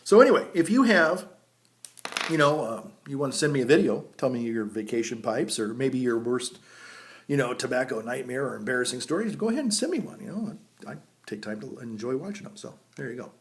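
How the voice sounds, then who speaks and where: Folksy priest, mid-pitch voice. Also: male voice, animated, fairly quick. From United States. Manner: folksy and rambling, chuckles at his own stories. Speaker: priest and pipe vlogger. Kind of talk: casual storytelling vlog. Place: outdoors by a vineyard.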